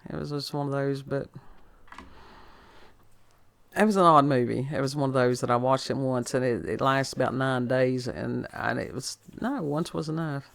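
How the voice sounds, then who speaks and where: A woman's voice: rumbling low, brisk, gravelly, hardly any pauses, no echo. A woman hosting a casual podcast chat, folksy and rambling, often repeating words. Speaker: podcast host.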